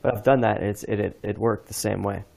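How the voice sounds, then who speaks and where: A man with a low, gravelly voice hosts a podcast in loose, casual chat. He rambles through a story, often restarting his sentences. His delivery is relaxed and conversational. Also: fast. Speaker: podcast host.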